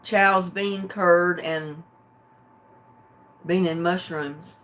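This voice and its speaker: Livestream host, older woman, homey easygoing chatter, relaxed and a bit sleepy. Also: on the low side, extremely slow. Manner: chatty, homey, chuckles often. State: drowsy and relaxed. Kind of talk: casual chat with live viewers.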